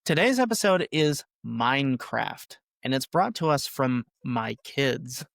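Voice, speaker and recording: A man's voice: medium pitch, sing-song, a little slow, creaky, fairly bright tone. A man in his thirties hosting a gaming podcast, chatting casually and giving upbeat announcer-style intros. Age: 30s. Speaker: podcast host. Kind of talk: casual chat.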